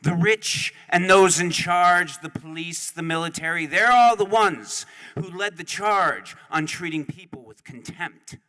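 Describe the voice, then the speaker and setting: A man's voice: sits high, a little slow, hardly any pauses, sharp tone. Indignant man in a reverberant hall. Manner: indignant, preaching, mocking. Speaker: public commenter. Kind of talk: impassioned public comment. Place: city council chamber.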